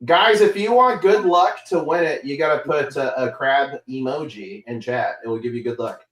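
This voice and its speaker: A man's voice: medium pitch, moderate pace, fairly bright tone. A man who is a YouTube guest, talking playfully and teasing on a casual livestream. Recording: roomy echo.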